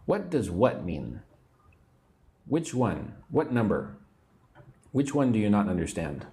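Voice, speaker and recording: An American man giving a livestream English lesson, repeating phrases clearly and greeting viewers by name. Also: fairly low pitch, sing-song, slow pace, dark tone. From United States. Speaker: English teacher.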